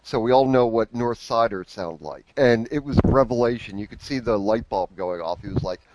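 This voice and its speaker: A man's voice: on the low side, fairly quick, background noise. A man from the United States chatting casually, hesitant and stumbling over restarts. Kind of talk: casual chat.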